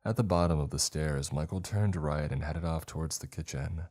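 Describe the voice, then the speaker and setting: A man narrating a first-person horror story in a measured, atmospheric way. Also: very deep voice, darkish tone. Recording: faint music underneath.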